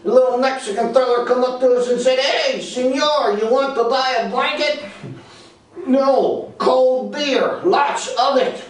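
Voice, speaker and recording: A man voicing George, a cocky, loudmouthed redneck puppet boxer with a high-pitched, brash drawl. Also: unhurried. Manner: boastful and insulting. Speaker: ventriloquist's puppet. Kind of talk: ventriloquist comedy act. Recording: echoey hall from far off.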